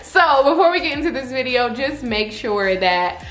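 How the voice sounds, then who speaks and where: A woman hosting a reaction video, chatting casually and reacting with quick asides. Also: high-pitched, animated, a bit bright, roomy sound, faint music behind.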